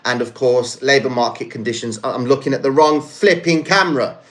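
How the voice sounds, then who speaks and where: A man's voice: medium pitch, fairly quick, fairly bright tone. A man hosting a casual live stream, frustrated and apologetic, talking straight to his chat. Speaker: livestream host.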